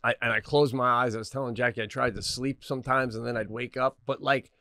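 A man co-hosting a podcast in casual chat, telling animated stories with shouted acted-out bits. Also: medium pitch, quick pace, no room sound, clean studio sound. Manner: laughs often mid-story. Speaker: podcast co-host.

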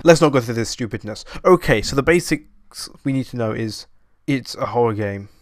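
A young man playing a horror game and commenting on it, jittery and panicky, talking to himself and sometimes humming in a sing-song way to calm his nerves. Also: medium pitch, normal speed, dry recording, faint music behind. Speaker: gaming YouTuber.

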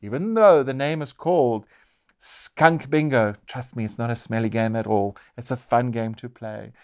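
A man's voice: medium pitch, moderate pace, clean tone. A man presenting a board game show, narrating each turn play-by-play and exclaiming as pieces come out.

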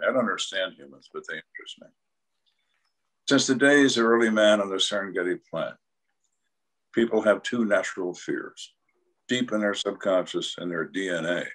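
A man's voice: low voice, fairly bright tone, breathy edge. An older man, a retired homicide detective, telling cases as an interview guest in a blunt, dry and dramatic way. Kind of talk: storytelling interview.

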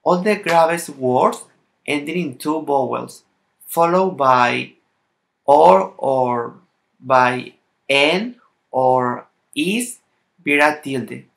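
A man with a Latin American Spanish accent, a native Spanish speaker, gives a language lesson in somewhat halting English and carefully sounds out example words one by one. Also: on the high side, expressive, gravelly, fairly bright tone. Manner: slightly halting non-native English phrasing. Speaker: language teacher.

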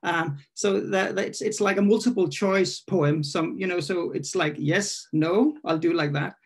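A man reading his own poem at an online poetry event. He hesitates and corrects himself while introducing it, then reads in a measured, questioning way. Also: high-pitched, slightly rough. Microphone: video call.

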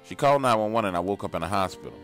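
A man's voice: lowish voice, expressive, racing, a bit bright, faint music behind. A man narrating a bleak first-person horror story in a weary tone. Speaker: storyteller recounting an encounter.

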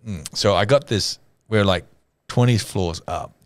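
An older Australian man with a very deep voice tells a rambling, funny story at an easy pace, and he often breaks into laughter. The sound is dry and close, with almost no room in it. He is a pastor co-hosting a casual chat show. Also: unhurried, dry recording.

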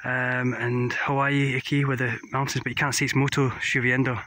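A man from England vlogging his travels with excitement, sprinkling broken Portuguese and Spanish words into his English, outdoors in the rain. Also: mid-range voice, moderate pace, low-quality recording. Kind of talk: casual travel vlog. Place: outdoors in rainy countryside.

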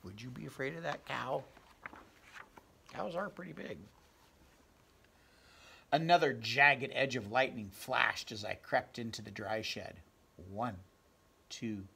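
Slow, gravelly man reading a storybook. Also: medium pitch, a bit bright. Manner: clears throat, asks listeners direct questions, counts slowly. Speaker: storybook reader. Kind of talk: reading a children's book aloud.

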